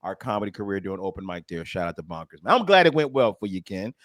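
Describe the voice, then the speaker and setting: A man's voice: deep voice, no echo, clean studio sound. A man hosting a comedy radio show, joking and laughing in casual banter with his guests. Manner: animated, joking, quick to laugh. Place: radio studio.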